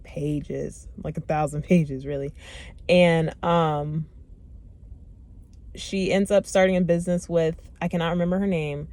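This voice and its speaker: A young woman talking to camera in a casual book review vlog, chatty and animated, with lots of fillers and exasperated asides. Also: on the low side. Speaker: book vlogger.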